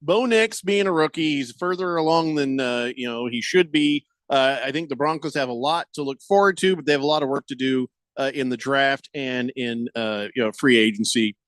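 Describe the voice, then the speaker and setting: A man's voice: medium pitch, normal speed, few pauses, fairly bright tone, no room sound. A man hosting a sports radio show, chatting casually with jokes and sarcasm. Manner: joking, sarcastic, acts out quotes.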